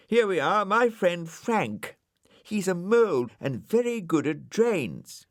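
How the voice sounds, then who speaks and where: An eager, chattering storybook snail in a voice pitched well up and a little loud, as a man puts him on. He rattles on keenly, and the sound is dry and close. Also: big pitch swings, takes it slowly, dry recording, full character voice.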